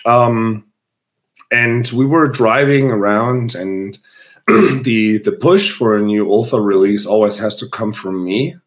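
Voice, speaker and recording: A man with a hoarse voice, chatting loosely as a guest in an interview, full of fillers and restarts. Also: on the low side, slow. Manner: rambling, many fillers and restarts. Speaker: guest musician. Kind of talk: casual interview chat.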